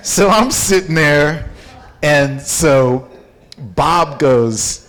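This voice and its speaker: In an interview, a company founder from Houston, Texas tells a story, animatedly acting out the people in it. His voice is a little high and slow, with the easy rhythm of a practiced storyteller.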